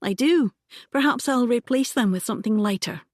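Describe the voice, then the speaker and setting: A woman voicing a poised, witty young gentlewoman in a composed, genteel manner. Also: fairly high pitch, normal speed, no echo, studio quality, pitched above the performer's own voice, natural voice.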